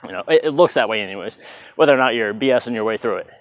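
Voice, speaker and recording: A dance instructor races through a casual, chatty tutorial in a lowish, animated voice, counting steps out with "bah" sounds. Though he's outdoors in hot weather, the audio is dull with no room sound, and he now and then steps away from his plugged-in mic.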